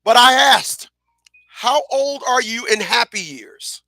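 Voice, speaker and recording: A middle-aged man hosting a radio show, telling stories in a casual, animated way, repeating phrases and acting out what people said. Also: very high voice, takes it slowly, dry recording, studio quality. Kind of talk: casual storytelling monologue.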